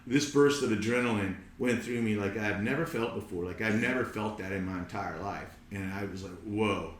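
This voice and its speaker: A man, a podcast guest, telling a personal story in a casual, animated way and often repeating words as he goes. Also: on the low side, a little fast, slight background noise. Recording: roomy echo.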